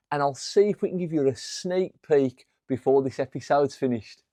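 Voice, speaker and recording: Working from his workbench, a music shop guitar tech hosts a jokey vlog, full of enthusiasm and puns. His voice is fairly high and warm, captured in studio quality with no echo.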